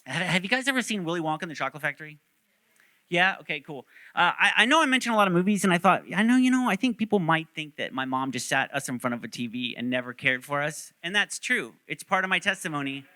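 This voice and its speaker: A man's voice: on the high side, lively intonation, quick pace, bright, forceful tone, no echo. A male pastor preaching a sermon, telling stories animatedly and joking with the congregation.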